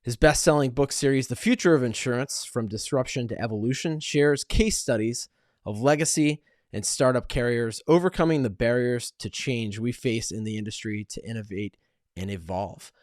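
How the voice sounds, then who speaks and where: A male host introduces his guest with eager enthusiasm. His voice sits at an ordinary middle pitch. The recording is dry and close. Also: normal speed, darkish tone, dry recording. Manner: upbeat, enthusiastic, friendly. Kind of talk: podcast host introduction and chat.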